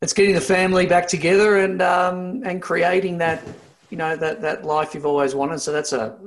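A man's voice: high-pitched, flat delivery, normal speed. A man, a podcast co-host, responding in casual chat with affirming remarks.

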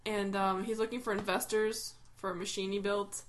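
Woman cohost chatting loosely, lots of ums, mid-pitched voice. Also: little pitch movement, moderate pace, background noise. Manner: rambling, hesitant with many ums. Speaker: podcast co-host. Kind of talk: casual chat.

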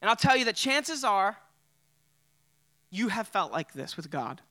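This pastor's high voice swings widely in pitch, with a sharp tone and a slightly slow delivery, recorded with no echo. His sermon is casual and conversational, sprinkled heavily with "like" and "you know."

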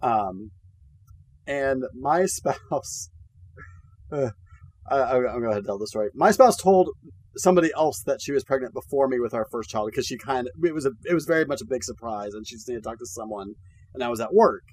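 A man's voice: mid-range voice, expressive, a little fast, darkish tone, husky. A man co-hosting a podcast in casual chat, cracking jokes and stumbling over repeated restarts. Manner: joking asides, stammering restarts. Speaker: podcast co-host.

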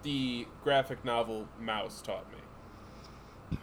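A man's voice: medium pitch, very slow, a little hiss or hum. A man co-hosting a podcast in casual comedic chat, rambling and joking. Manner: rambling, joking, breaks into laughter. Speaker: podcast co-host.

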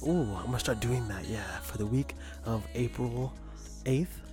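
A man hosting a comedic podcast, hoarse with his voice nearly gone, joking and self-mocking. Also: mid-range voice, moderate pace, over music. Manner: jokey, playful, self-mocking. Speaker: podcast host.

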